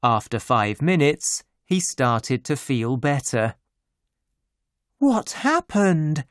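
Guy reading a kids story, slow, goes up and down a lot, dry mic. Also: mid-range voice, no room sound. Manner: slow, clear, expressive reading. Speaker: narrator.

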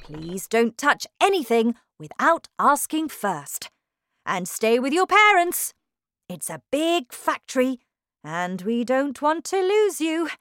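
A woman's voice: sing-song, takes it slowly, fairly bright tone, dry recording, clean studio sound, exaggerated voice. A woman voicing a small, eccentric man who runs a factory, playful and theatrical in a storybook reading. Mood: excited. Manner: high, bouncy and theatrical. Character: eccentric small chocolate maker, excitable man.

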